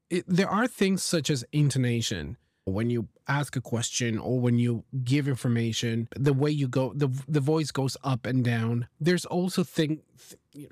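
A man's voice: medium pitch, darkish tone, no room sound, clean studio sound. A man teaching exam preparation in a podcast monologue, explaining points with frequent restarts and light laughs.

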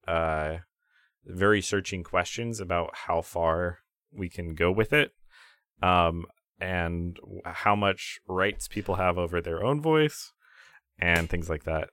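Low-voiced man, laughing podcast co-host. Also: takes it slowly, a bit bright, no echo. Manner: laughs often, rambling with fillers. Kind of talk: casual chat.

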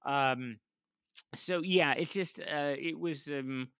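Bright-voiced man chatting casually. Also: fairly high pitch, takes it slowly, clean tone, dry recording. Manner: rambling, laughs often, many fillers. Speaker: podcast co-host. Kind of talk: casual chat. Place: lives in Washington, D.C.

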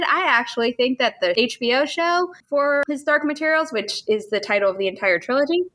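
A woman co-hosting a podcast, talking in a passionate, opinionated way with animated rants. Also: a little high, a little fast, few pauses. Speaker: podcast co-host. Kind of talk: casual chat.

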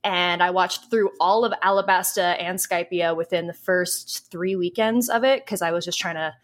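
A woman's voice: lowish voice, steady tone, normal speed. A young woman co-hosting a podcast, chatting casually and gushing as an eager fan. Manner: enthusiastic, rambling fan talk. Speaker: podcast co-host.

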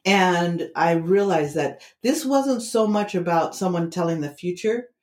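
Animated woman telling a story, roomy sound. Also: lowish voice, measured pace. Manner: animated storyteller acting out quoted voices. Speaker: interview guest, tarot teacher. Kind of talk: casual storytelling interview. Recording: roomy echo.

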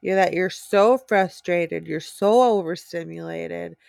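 A woman's voice: lowish voice, steady tone, a little slow, gravelly, a little mellow, dry recording, studio quality. A woman co-hosting a podcast, speaking earnestly and supportively in casual conversation. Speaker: podcast co-host. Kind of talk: casual chat.

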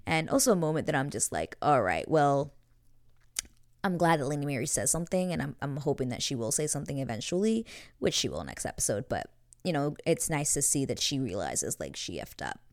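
A woman's voice: low voice, sing-song, fast talker, darkish tone, no room sound, studio quality. A young woman hosting a casual episode recap, chatty and full of "like" and little laughs. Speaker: show host.

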